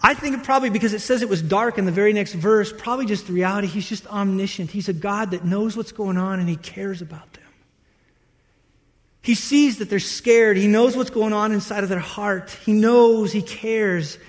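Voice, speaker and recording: A man preaching a sermon as a pastor, telling the story with animated, playful energy and acting out the disciples' voices. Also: high voice, moderate pace. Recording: long hall reverb.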